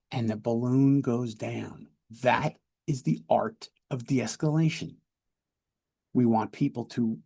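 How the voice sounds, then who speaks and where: A police lieutenant teaches de-escalation in a plain lecture style, often doubling his words and asking "right?". His voice is gravelly, husky and dark in color, and his pitch sits in a middle range. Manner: explanatory, repeats words and checks in with "right?". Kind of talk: training lecture.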